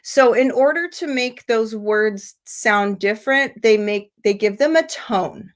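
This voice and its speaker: A woman from the United States teaching English pronunciation in an online seminar, explaining slowly and stretching out example words over a video call. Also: fairly high pitch. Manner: slow, deliberate explaining with drawn-out example words.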